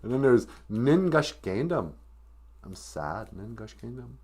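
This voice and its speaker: A man hosts a comic live stream, teaching short language phrases between jokes. He drawls slowly in a low register and mocks himself. His delivery is loose and playful. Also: sing-song, darkish tone. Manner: joking, drawling, self-mocking. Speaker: podcast host teaching Ojibwe.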